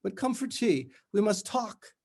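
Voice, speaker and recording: A man putting on a prim, shrill older woman tutor. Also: big pitch swings, unhurried, gravelly, full character voice. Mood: prim, falsely cheery. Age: 50s. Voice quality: strangulated, forced through gritted teeth. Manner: unbearably faux bright, prim and bossy.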